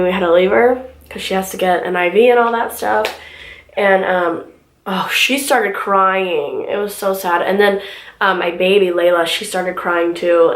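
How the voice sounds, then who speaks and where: A young woman telling a story in casual, filler-filled chat while doing her makeup at home. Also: mid-range voice. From California, US. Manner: chatty, filler-heavy storytelling. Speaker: beauty vlogger. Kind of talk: casual get-ready-with-me chat. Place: room at home. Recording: roomy home recording.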